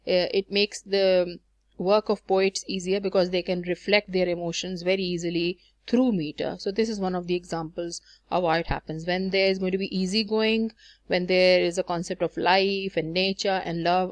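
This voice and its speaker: A woman's voice: fairly low pitch, dry recording. A woman teaching a lesson on poetic meter, explaining patiently with frequent fillers and self-corrections. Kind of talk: recorded lecture on poetry.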